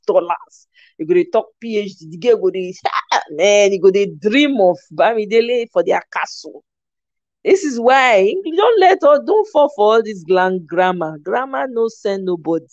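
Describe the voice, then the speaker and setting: A woman host with a Nigerian accent, chatting casually as she reacts to viewer comments, animated and laughing often, slipping into Pidgin. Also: lowish voice, no echo, muffled recording.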